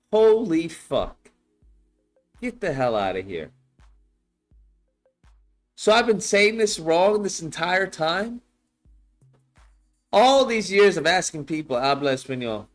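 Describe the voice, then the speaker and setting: A man hosting a live call-in show, reacting with excitable disbelief and casual swearing. His voice is a little high. Faint music runs underneath. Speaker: host.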